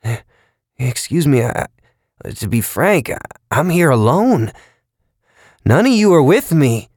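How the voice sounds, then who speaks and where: A man narrating a story, voicing a frightened man who pleads in halting, strained bursts. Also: lowish voice, gravelly, a little mellow, dry recording, clean studio sound. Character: frightened man losing touch with reality.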